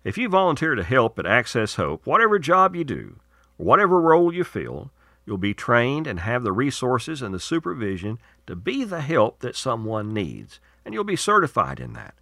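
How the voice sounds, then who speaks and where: A man's voice: mid-range voice, big pitch swings, normal speed, gravelly, bright, forceful tone, dry recording, clean studio sound. A man hosting his radio show, reading segments and promos in a folksy, earnest, persuasive way.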